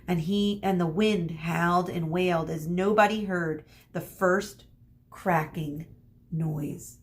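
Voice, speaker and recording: A woman teacher reading a chapter book aloud to children, expressive, stopping for asides to her listeners. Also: on the low side, takes it slowly.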